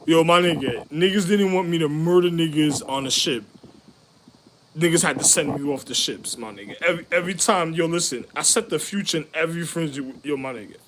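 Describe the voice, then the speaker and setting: A man in a rambling, profane monologue, full of street slang, jumping between loud laughing outbursts and low mutters. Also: a little fast, slight background noise.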